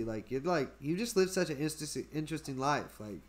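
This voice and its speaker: A man's voice: on the high side, lively intonation, a little fast. Rambling podcast co-host, man. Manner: rambling, mumbly, full of "like". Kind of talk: casual podcast banter.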